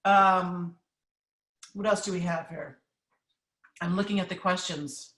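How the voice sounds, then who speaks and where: A woman's voice: on the low side, steady tone, takes it slowly, long pauses, fairly bright tone, distant mic. A woman chef and cookbook author from New England answers questions in a casual live cooking class, chatty and emphatic with many ums. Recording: roomy echo from off-mic.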